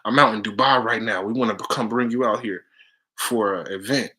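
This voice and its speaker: A man's voice: fairly low pitch, brisk, pushed and bright, slightly rough. A man giving a casual, preachy spiritual talk to viewers, full of slang and frequent laughter. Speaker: spiritual chant leader.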